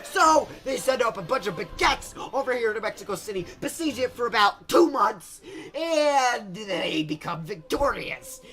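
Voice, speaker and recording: A man's voice: extremely high pitch, big pitch swings, normal speed, fairly bright tone, faint music behind. A young man narrating history as a crude, rambling comedy bit, mocking and swearing as he goes. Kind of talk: comic history explainer.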